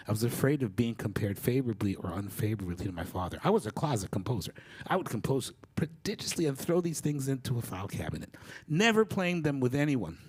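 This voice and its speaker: A man's voice: mid-range voice, big pitch swings, quick pace, a little mellow, slightly rough. A middle-aged man giving a candid, reflective storytelling talk as a faculty speaker. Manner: candid and reflective, with occasional fillers.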